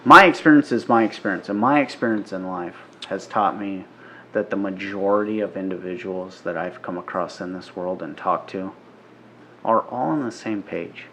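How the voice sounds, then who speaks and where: A man's voice: low voice, normal speed, bright, forceful tone, a little hiss or hum, low-quality recording. A man co-hosting a podcast in casual chat, talking emphatically, repeating his points and swearing often. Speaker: podcast co-host.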